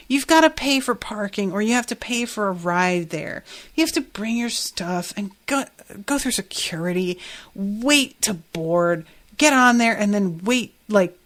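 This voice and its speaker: Chatty, swearing woman podcast host. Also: medium pitch. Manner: chatty, profane, laughs often. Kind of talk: casual TV episode recap.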